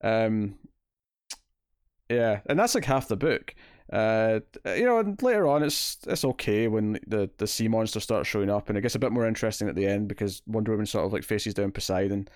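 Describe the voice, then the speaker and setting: A man's voice: lowish voice, lively intonation, fairly quick, darkish tone, clean tone, dry recording, studio quality. A Scottish man co-hosting a casual comic review chat, blunt and opinionated, with lots of fillers. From Scotland. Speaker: podcast co-host.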